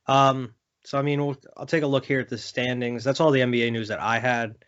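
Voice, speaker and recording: A man's voice: medium pitch, flat delivery, fairly quick, fairly bright tone, muffled recording. A young man co-hosting a sports podcast, talking loosely with lots of fillers and laughs. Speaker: podcast co-host. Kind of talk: casual sports chat.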